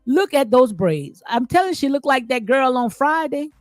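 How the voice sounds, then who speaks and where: A woman's voice: sits high, expressive, normal speed, no echo. Woman host for a chatty commentary stream, emphatic with repeated phrases, dry voice with light music behind. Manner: emphatic, repeats phrases, frequent "okay?" and "absolutely". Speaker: commentary channel host reading live chat. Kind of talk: casual reality-show commentary.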